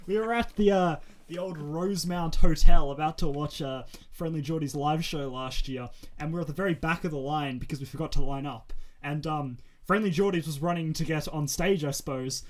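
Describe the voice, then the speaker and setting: A young man from Australia co-hosting a casual podcast. His voice sits slightly high, and his manner stays laid-back with easy laughter. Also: brisk, hardly any pauses. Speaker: podcast co-host. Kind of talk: casual chat.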